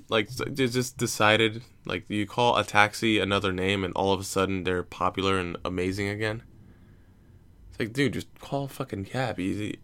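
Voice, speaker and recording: Low, smooth-voiced rambling storyteller man. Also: a bit bright. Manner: rambling, profane, laughs at own jokes. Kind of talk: casual comic storytelling.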